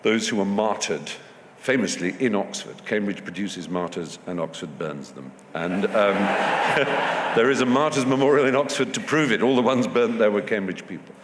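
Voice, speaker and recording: A man's voice: lowish voice, expressive, moderate pace. A man speaking as a guest in an onstage festival conversation, discursive and wry, often restarting his sentences. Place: festival stage before an audience. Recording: long hall reverb, faint background noise.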